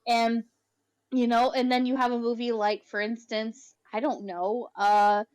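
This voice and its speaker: A woman's voice: a little high, level tone, a little slow, a little mellow, clean tone, no room sound, low-quality recording. A woman chatting on a casual podcast, enthusiastic and rambling, with many fillers. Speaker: podcast guest. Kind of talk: casual chat.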